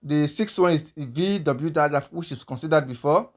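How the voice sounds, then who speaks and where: A man with a somewhat high-pitched voice gives a language lesson. He goes through the sounds one at a time and says each example word slowly, again and again, so it can be heard clearly. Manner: slow, repeats each sound several times. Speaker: language teacher.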